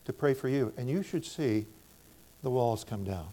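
An older man from the United States preaches with a warm, mellow voice. He tells stories from his ministry and plays both sides of each exchange. His manner is that of a minister giving his testimony to a church. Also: medium pitch, animated, moderate pace. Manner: storytelling, acts out both sides of conversations in a raised voice.

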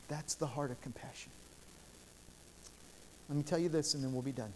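A man's voice: mid-range voice, moderate pace, long pauses, slight background noise. A male pastor preaching a sermon in a church sanctuary, telling stories in an earnest, repetitive way with frequent restarts.

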